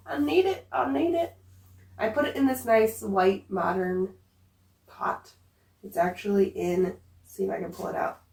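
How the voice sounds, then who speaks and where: A woman's voice: medium pitch, darkish tone. A woman chatting enthusiastically about her houseplants, gushing and often repeating her words, with a slight regional accent that slips in now and then. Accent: some regional accent that slips in. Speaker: houseplant vlogger. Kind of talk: casual chat. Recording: roomy echo, distant from the mic.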